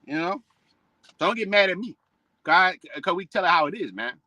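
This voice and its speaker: High, bright-voiced man preaching bluntly. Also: big pitch swings, a little fast, dry recording, poor audio. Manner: blunt, repetitive, calls listeners "man" and "bro". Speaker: religious preacher. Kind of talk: profane preaching rant.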